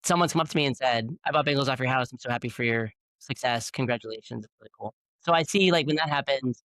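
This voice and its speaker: A man's voice: medium pitch, fast talker, a bit bright, no room sound, poor audio. Chatty middle-aged man telling stories. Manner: chatty, many fillers and restarts. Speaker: bagel shop founder speaking to students. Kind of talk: casual storytelling talk. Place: university classroom.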